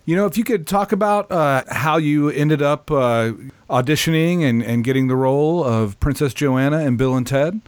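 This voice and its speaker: Interview host, relaxed questions, casual chat, dry close sound. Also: medium pitch, normal speed, smooth, dry recording.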